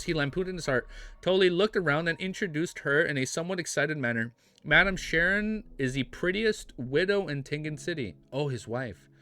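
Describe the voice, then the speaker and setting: Young American male streamer, bright and fairly high voice, reads aloud and chats loosely with viewers, faint music behind. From United States. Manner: chatty, stumbles over words, says dude and bro. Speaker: streamer reading a web novel aloud. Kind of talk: casual reaction stream, reading aloud.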